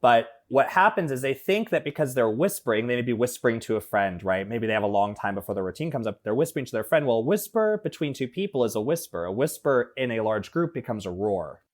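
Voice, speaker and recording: Male emcee, mid-pitched voice, animated storytelling guest. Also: fast talker, few pauses. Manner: lively storyteller. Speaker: competition host and emcee. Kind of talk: podcast guest, casual chat.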